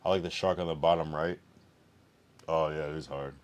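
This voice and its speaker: A man's voice: very deep voice, fairly even intonation, fairly quick, clear, resonant tone. A young man from the East Coast of the United States, chatting loosely and profanely with his live chat while streaming. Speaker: livestreamer. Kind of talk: casual livestream chat.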